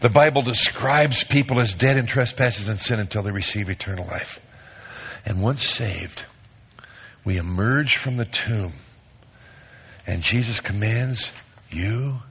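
Husky-voiced man preaching a sermon. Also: low-pitched, dull audio. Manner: lively preaching, reads scripture with emphasis. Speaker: pastor.

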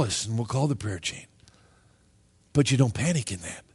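A middle-aged man preaching a sermon, animated and joking, now and then acting out the voices of Bible figures. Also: mid-range voice, moderate pace, long pauses, slightly rough. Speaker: pastor.

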